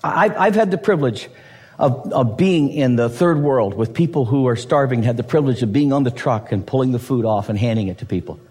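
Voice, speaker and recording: A man's voice: mid-range voice, brisk. A middle-aged male pastor preaching a sermon and teaching his congregation, often checking in with them. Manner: animated preaching with repeated rhetorical checks.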